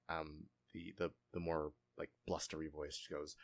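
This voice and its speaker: A man narrating a tabletop game as game master, relaxed and hesitant with fillers. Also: extremely low pitch, normal speed, gravelly.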